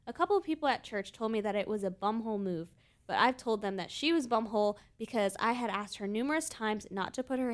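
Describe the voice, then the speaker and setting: Young woman podcast co-host, chatty, reads a story aloud then weighs in. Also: mid-range voice. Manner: chatty, opinionated. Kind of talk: casual chat, reading stories aloud.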